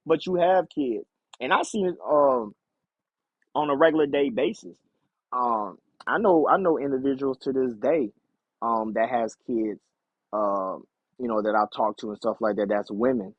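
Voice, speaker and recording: A man delivers a blunt, profane rant in a husky voice, lecturing and circling back over his points. His pitch jumps around lively as he gets heated. The sound is dry and dull, like a lo-fi home recording. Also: dry recording. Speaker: commentator.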